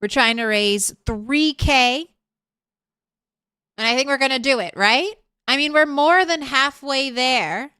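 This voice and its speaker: A woman's voice: high-pitched, pushed and bright, smooth, no room sound, clean studio sound. A woman streamer in casual live-stream chat, talking straight to her viewers. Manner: chatty, talks straight to chat.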